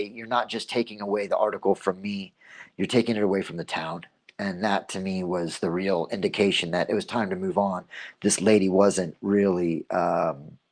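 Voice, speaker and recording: Rambling, slightly low-voiced male host. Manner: rambling, repeats himself, self-encouraging. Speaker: host of a local livestream show. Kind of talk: casual storytelling monologue.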